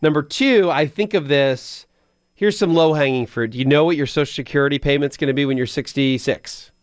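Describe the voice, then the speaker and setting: A man's voice: a little high, brisk, no room sound, clean studio sound. A man hosting a radio finance call-in show, explaining money advice in a conversational way, often restarting sentences. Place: radio studio. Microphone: studio microphone.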